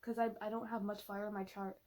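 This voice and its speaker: A woman's voice: medium pitch, little pitch movement, fast, a little mellow. A woman vlogging in casual chat, swearing often and filling her talk with "like", playful and emphatic. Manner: profane, filler-heavy and chatty.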